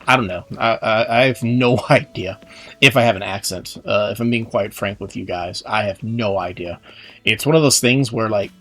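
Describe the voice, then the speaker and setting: This young Texan gaming channel host has a fairly low, slightly bright voice and a Texan accent. He rambles through casual game commentary, chatty and full of filler words.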